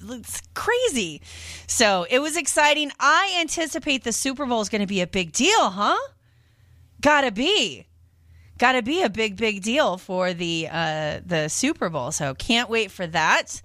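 A chatty woman radio host with a bright, forward voice that sits a little high. She rambles casually between sales calls and fills her talk with "like" and "um." The sound is close and dry, straight from a studio mic. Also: no echo. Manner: chatty and rambling, with many fillers. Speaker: radio shopping show host.

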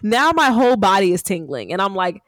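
Podcast host, female, animated storyteller, everyday pitch, close dry mic. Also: a little fast, no room sound. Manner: animated storyteller acting out quotes, frequent "like". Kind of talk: casual storytelling chat.

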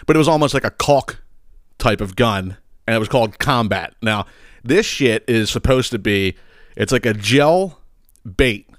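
A man's voice: mid-range voice, no room sound, clean studio sound. A man hosting a podcast, telling a rambling, profane story full of fillers and sidebars. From Philadelphia area. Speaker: podcast host. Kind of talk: casual comedic monologue.

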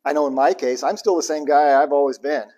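A man preaching a sermon in a casual, joking style, swinging between loud emphatic bursts and quiet low asides. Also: fast, muffled recording. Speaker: pastor.

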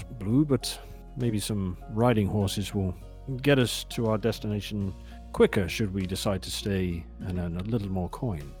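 Man player, dry wry delivery, lowish voice, faint music. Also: a little slow, a little mellow. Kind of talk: playing a tabletop game in character.

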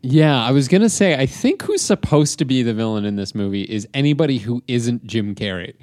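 A man recaps a film plot for a podcast in a relaxed, easygoing way, leaning on fillers. His voice sits at a middle pitch, close to the mic in a dry space. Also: brisk, no room sound. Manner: easygoing, summarizing plots with fillers. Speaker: podcast co-host. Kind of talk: casual movie review chat.

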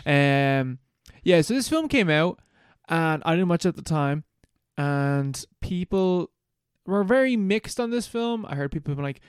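Loose, foul-mouthed podcast host, bright and clear. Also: male voice, on the high side, a little slow, few pauses, dry recording, clean studio sound. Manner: loose, profane, animated plot recap. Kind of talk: casual chat.

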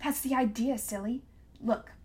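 A woman reading an audiobook, voicing a shy, gentle young male apprentice. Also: fairly high pitch, fairly even intonation, a little slow, natural voice.

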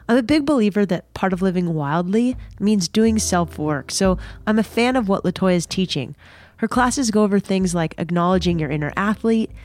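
A woman's voice: mid-range voice, darkish tone. A woman hosting a podcast, reading an upbeat scripted intro and setting up the guest's story. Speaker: podcast host.

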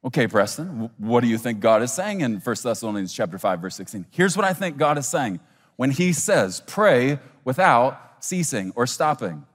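A man's voice: medium pitch, sing-song, brisk, long reverb tail. A man preaching a sermon as a pastor, acting out imagined listeners and little scenes as he goes.

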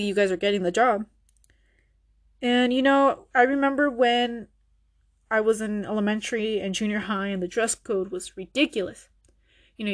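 A young woman hosting her own podcast, ranting in a blunt, profane and sarcastic way. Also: medium pitch. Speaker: podcast host. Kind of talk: casual ranting monologue.

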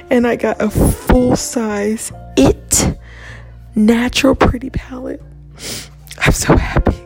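A woman makeup vlogger talking casually, excitable and gushing, drifting into motivational pep talk. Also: a little high, gravelly. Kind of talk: casual rambling vlog.

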